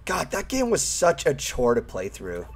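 A young man streaming a game, chatting casually, swearing often and squealing with excitement at thrilling moments. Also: mid-range voice, moderate pace, breathy edge. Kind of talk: casual gameplay commentary.

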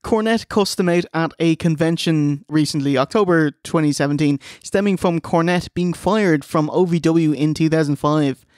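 A man's voice: fairly high pitch, normal speed, hardly any pauses, a little mellow, no echo, clean studio sound. A man co-hosting a casual review show, recapping with wry asides. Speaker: podcast co-host. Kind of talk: casual wrestling review chat.

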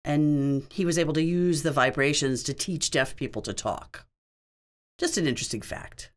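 A woman with a deep voice speaks at a normal speed. She's a sign language interpreter voicing a signed question-and-answer session, explaining things conversationally in short spoken phrases.

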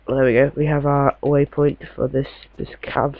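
A man's voice: medium pitch, flat delivery, normal speed, gravelly, no echo, narrow, tinny audio. A man giving casual, chatty gameplay commentary, muttering to himself and swearing mildly as he plays.

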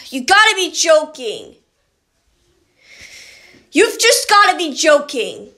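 High-pitched woman ranting slowly. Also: big pitch swings, sharp tone. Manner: exasperated, repeats herself. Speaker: channel host. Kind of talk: ranting commentary. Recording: roomy echo.

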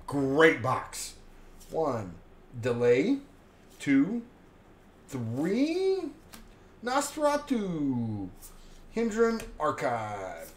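A man hyped up while opening card packs, counting out loud and calling out each card he pulls. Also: fairly high pitch. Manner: hyped, counts cards aloud, names each pull. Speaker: card pack opener. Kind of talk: casual card-opening commentary. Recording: roomy echo, faint background hum.

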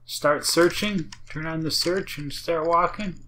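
A woman's voice: low-pitched, measured pace, a bit bright, a little hiss or hum. A woman giving casual, wry commentary as she plays a game, muttering to herself and the viewers. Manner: wry, muttering to self while playing. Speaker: game streamer.

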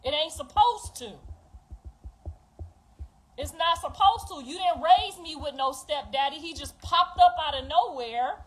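Woman, 50s, high voice, confessional livestream rant, emphatic and blunt. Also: unhurried, rough recording. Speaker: mother telling her life story.

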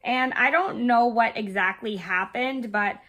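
A woman in her thirties, hoarse and scratchy while she gets over a cold, tells a casual story as she crochets. Her voice is bright, and she rambles on with lots of fillers and restarts. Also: a little high, measured pace. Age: 30s. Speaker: vlogger.

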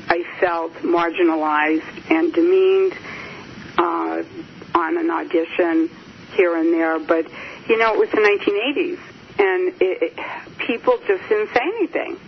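A woman's voice: fairly low pitch, unhurried, creaky, lo-fi sound, a little hiss or hum. A woman in her fifties or sixties, a guest author on a radio show, speaking reflectively and hesitantly with many fillers. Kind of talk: radio interview.

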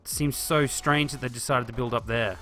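A man's voice: medium pitch, steady tone, moderate pace, bright, forceful tone, faint music behind. A man chatting casually through a live stream of a city-building game, thinking aloud and answering viewers. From Australia. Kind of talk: live-stream gameplay commentary.

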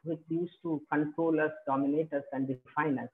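A man in his forties with an Indian English accent gives an academic lecture over a video call, halting with many fillers and restarts. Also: on the high side, little pitch movement. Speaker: plenary speaker. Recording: tinny phone-like call audio.

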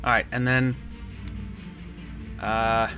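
A man giving let's play commentary, reacting with loud exclamations and swearing, and chanting spell words aloud as he plays. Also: on the low side, little pitch movement, very slow, lo-fi sound, faint music behind. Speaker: gamer playing a horror puzzle game.

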